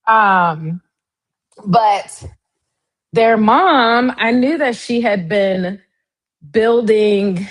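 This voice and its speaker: Chatty woman hosting a live stream. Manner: chatty, addresses viewers directly; lively, swings up high in pitch. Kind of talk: casual live-stream chat.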